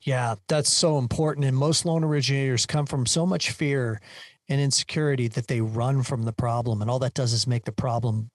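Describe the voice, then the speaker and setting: A man's voice: mid-range voice, steady tone, brisk, no echo. A man hosting a business podcast, earnest and emphatic, asking long framing questions. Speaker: podcast host. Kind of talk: interview hosting.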